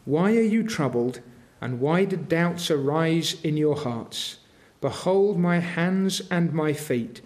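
A man delivers a sermon in a voice pitched notably high for a man. He speaks slowly and deliberately, in an earnest tone that swells into emphatic intensity as he presses his point. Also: animated, a little mellow. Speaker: preacher.

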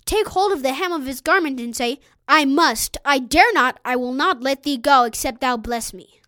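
A man's voice: very high voice, normal speed, sharp tone, no room sound, clean studio sound. A woman reading the words of a devout young nobleman on his deathbed, pleading earnestly and tenderly with his brother.

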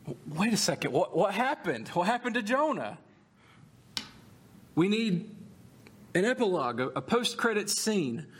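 Man preaching a lively, conversational sermon. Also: high-pitched, unhurried, long pauses, a little hiss or hum. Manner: animated storytelling, conversational, humorous asides. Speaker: pastor.

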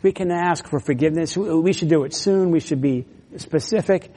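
A man's voice: fairly high pitch, fairly quick, dark tone. A man preaching a sermon as pastor, earnest and emphatic, with brief laughs and restarts. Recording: long hall reverb.

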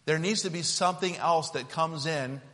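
Playful preacher in an echoing hall. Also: male voice, on the high side, moderate pace, fairly bright tone. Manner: conversational, playful, demonstrative. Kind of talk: sermon with object lesson.

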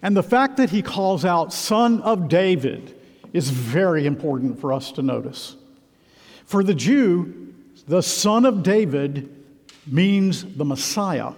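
A man preaching a sermon in a church, earnest and emphatic with measured pauses. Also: a little high, very animated, a little mellow. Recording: long reverb of a large hall.

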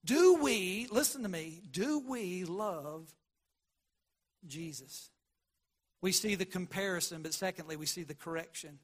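A man preaching a sermon, swinging between loud emphatic lines and quiet murmurs, and acting out Bible dialogue. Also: measured pace. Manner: preaching with big swings in loudness, from near-shouts to low murmurs; acts out Bible dialogue in quoted voices. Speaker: pastor.

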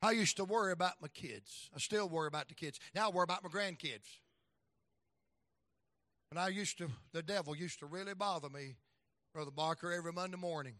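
A middle-aged man preaching a sermon as an evangelist, telling folksy stories and acting out voices, swinging from loud to soft. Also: on the high side, dry recording, studio quality.

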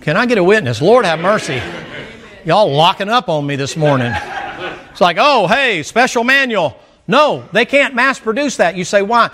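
A man's voice: high voice, very animated, normal speed, crowd noise. A man preaching a sermon, folksy and joking, calling out to the congregation for responses. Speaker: pastor.

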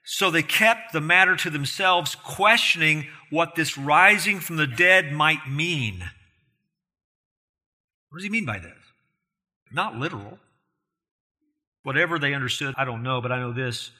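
A man's voice: a little high, moderate pace, few pauses, bright, forceful tone. A man preaching an expository sermon, earnest and emphatic, often putting rhetorical questions to his listeners. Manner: emphatic, rising in force on key points.

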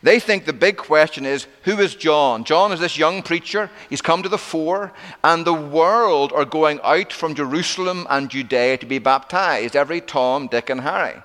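A man's voice: a little high, moderate pace, few pauses. Preaching man in a reverberant hall. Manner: animated storytelling with acted-out quotes. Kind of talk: sermon.

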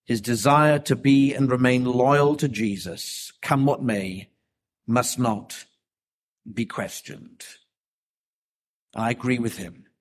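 A man preaching an expository sermon, emphatic and deliberate, with rhetorical questions. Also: mid-range voice.

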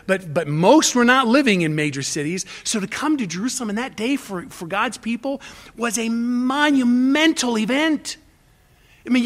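A man's voice: high-pitched, a bit bright. A man preaching an expository sermon as a pastor, earnest and emphatic, often restarting his phrases. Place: church stage.

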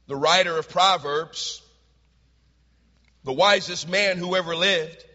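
A male pastor preaching a sermon, swinging from loud shouts to hushed, quiet lines. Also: high-pitched. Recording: hall reverb, dull lo-fi sound.

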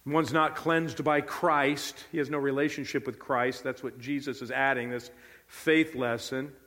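A male pastor preaching a sermon with animated, emphatic storytelling. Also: mid-range voice, measured pace. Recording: long hall reverb.

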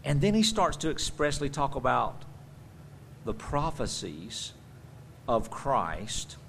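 A man preaching a sermon as pastor, swinging from loud emphatic bursts to quiet conversational asides. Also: medium pitch, sing-song, slow pace, vocal fry, slight background noise.

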